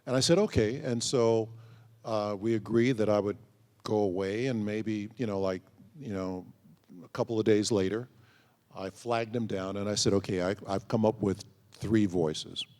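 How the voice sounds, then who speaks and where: A man's voice: lowish voice, moderate pace, darkish tone. A man answering fan questions as a convention panel guest, telling anecdotes and acting out quoted dialogue. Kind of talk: storytelling Q&A answers. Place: large convention hall. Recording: long hall reverb.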